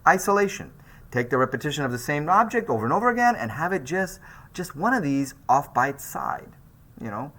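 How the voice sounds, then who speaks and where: Male art teacher, recorded lecture, animated pitch, casual delivery with restarts. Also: a little fast. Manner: lively, conversational, with frequent restarts and fillers. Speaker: art instructor.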